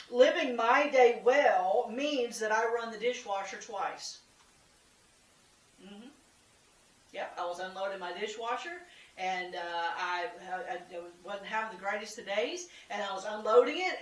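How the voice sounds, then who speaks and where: A woman's voice: fairly high pitch, fairly bright tone. A woman hosting a casual weekly devotional talk, chatty and humorous, laughing at herself as she encourages her listeners. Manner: encouraging, speaks straight to listeners. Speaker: devotional host. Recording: roomy, from a distance.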